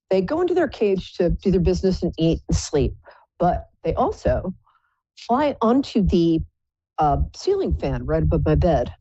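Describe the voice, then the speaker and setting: A woman's voice: on the low side, dark tone, dry recording, dull audio. A woman hosting a live psychic call-in show, chatting in a playful, rambling, self-mocking way. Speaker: psychic radio show host.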